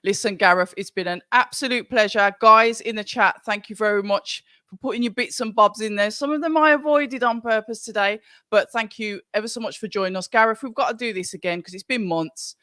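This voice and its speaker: A man's voice: high-pitched, a little fast, hardly any pauses, pushed and bright, clear, resonant tone, no echo, studio quality. A man hosting a live chat show, upbeat and jokey, reading out viewer comments.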